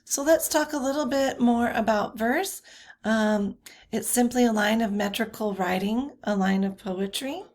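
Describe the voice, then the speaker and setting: A woman teaching a recorded slide lecture, talking slowly with many fillers and self-corrections. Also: fairly high pitch, darkish tone.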